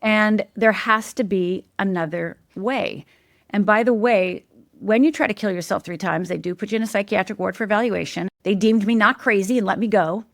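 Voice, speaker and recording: A woman's voice: medium pitch, no room sound. This middle-aged woman is a podcast guest telling her own story. She is candid and emphatic and keeps checking in with her listener. Her voice is recorded dry, with no room sound, and sits in the middle of the usual range for a woman. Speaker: guest, life coach. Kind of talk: personal storytelling in a podcast interview.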